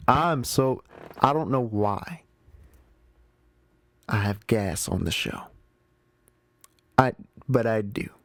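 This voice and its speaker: A man's voice: lowish voice, expressive, slow, pauses often, fairly bright tone, no room sound. A man hosting his own movie show, recapping the plot in a casual, slangy way and talking straight to his listeners. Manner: chatty, slangy, talks straight to the audience. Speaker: movie review show host.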